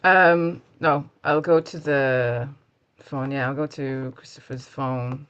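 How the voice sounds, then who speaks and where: A man playing a tabletop game, talking in character and out, slow and rambling with fillers. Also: medium pitch, steady tone, fairly bright tone, smooth, dull audio. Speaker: player. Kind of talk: casual in-character play.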